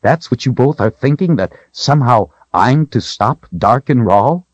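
A man's voice: mid-range voice, lively intonation, measured pace, dry recording, lo-fi sound, pitched above the performer's own voice. A man voicing a young male woodsman who is bewildered and wary, asking skeptical, rising questions.

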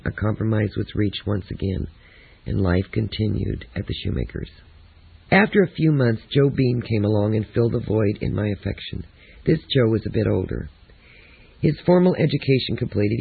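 Male memoir reader, low, raspy voice, tinny phone-like audio. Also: dry recording. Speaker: audiobook narrator. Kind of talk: first-person memoir narration.

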